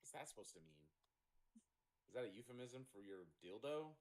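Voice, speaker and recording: A man's voice: mid-range voice, sing-song, fairly quick, a little mellow. A man casually teasing a friend during a live stream. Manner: teasing, needling. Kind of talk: casual chat.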